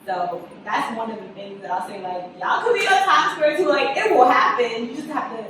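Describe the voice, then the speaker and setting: A young adult woman, a guest writer and director, tells stories animatedly in a casual interview, acting out quotes and laughing often. Her voice runs on the high side and fairly quick. The room is echoey, the mic distant, with background noise.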